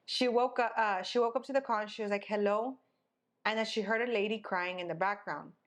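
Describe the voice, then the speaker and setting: Picture a young woman co-hosting a casual podcast, telling her story with a lot of drama. Her voice sits at an ordinary middle pitch, and she acts out every person she quotes. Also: steady tone, fast talker. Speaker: podcast co-host.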